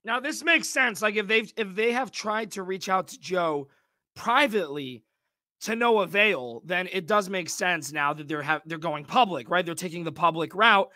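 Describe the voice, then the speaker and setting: A man hosting a reaction commentary, animated and mocking, breaking into laughs. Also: high voice, moderate pace, no echo, studio quality. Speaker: commentary channel host. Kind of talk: reaction commentary on video clips.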